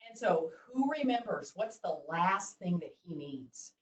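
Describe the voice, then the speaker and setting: A lively woman storyteller reads to kids on a video call and keeps asking them questions. The room gives her voice a roomy echo. The mic is set well away from her. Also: on the low side, a little slow, far from the mic. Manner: animated, asks the kids questions. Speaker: children's storyteller.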